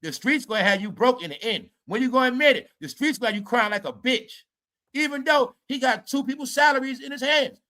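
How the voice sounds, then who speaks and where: Brash high-voiced man ranting. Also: lively intonation, a little fast, bright, forceful tone. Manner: brash, mocking, repeats "y'all" and "bro". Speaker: commentary streamer. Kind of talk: ranting commentary.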